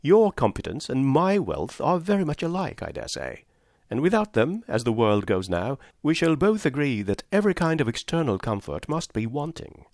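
A composed, sensible young woman, as a male reader voices her, measured and gently teasing in a raised register. Her phrasing lilts with lively intonation, dry and close for an audiobook. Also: mid-range voice, dry recording, voice pushed up. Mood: wry. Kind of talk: audiobook reading of a classic novel.

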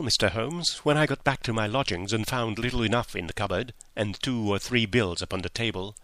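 Man reading a classic story, bright tone. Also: on the low side, vocal fry, dry recording. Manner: measured storytelling. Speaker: audiobook reader. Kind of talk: scripted narration.

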